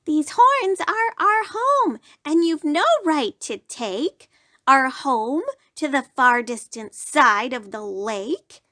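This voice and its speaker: Shrill squealing pack of greedy critters, as a woman puts them on. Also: lively intonation, takes it slowly, bright, forceful tone, dry recording, studio quality, full character voice. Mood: indignant. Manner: shrill, screaming. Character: crowd of selfish little animal guests.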